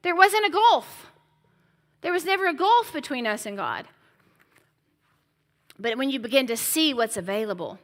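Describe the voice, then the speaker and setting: A middle-aged woman preaches with a high, bright voice that rides above the room. She talks straight to her listeners in an emphatic, conversational way, pressing each point home, with an edge to her tone. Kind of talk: sermon.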